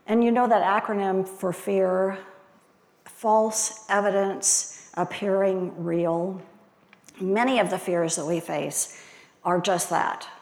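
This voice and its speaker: A woman's voice: medium pitch, steady tone, slow, a little mellow. A woman giving a reflective sermon, asking one rhetorical question after another. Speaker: lay preacher. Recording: long hall reverb.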